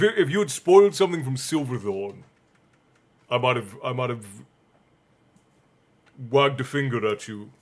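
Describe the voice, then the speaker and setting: A man reading a bedtime story aloud on a stream and chatting with viewers in a relaxed, chatty manner. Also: mid-range voice. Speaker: stream host and reader. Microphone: streaming mic.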